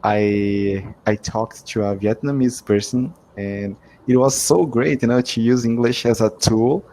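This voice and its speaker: A man's voice: medium pitch, fairly even intonation, a little slow, mellow, low-quality recording. A man from Brazil, whose first language is Portuguese, speaking English with a Brazilian accent on a video call. He laughs often and sometimes hunts for words. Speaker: English learner. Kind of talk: casual conversation practice.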